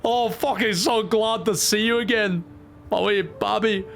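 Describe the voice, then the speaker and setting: A man voicing a rough, foul-mouthed Scottish mother in a comic fan dub of a game scene, with a put-on broad Scottish accent. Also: high voice, fairly even intonation, a little slow, a bit bright, soft background music, pitched above the performer's own voice, full character voice. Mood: gushing. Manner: crude, swearing, rough.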